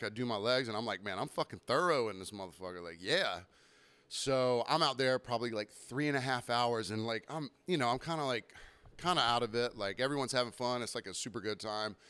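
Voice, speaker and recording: Brief: young male podcast host, mid pitch, smooth tone, profane and self-mocking, slightly under the weather. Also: moderate pace, bright, forceful tone. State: recovering from illness, throat clearing. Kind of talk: casual storytelling monologue.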